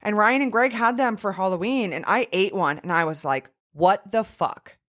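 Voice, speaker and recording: A woman co-hosting a podcast in loose, casual chat. Her pitch swoops up and down as she talks, and she swears often and fills her sentences with "like.". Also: a little fast. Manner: animated, swears freely, many fillers. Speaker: podcast co-host.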